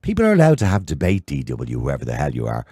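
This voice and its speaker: A man's voice: extremely low pitch, wildly swooping pitch, fast, warm tone, slightly rough, no echo, studio quality. An Irish man in his sixties hosting a phone-in radio show, blunt and opinionated as he argues with callers. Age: 60s. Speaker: radio talk show host.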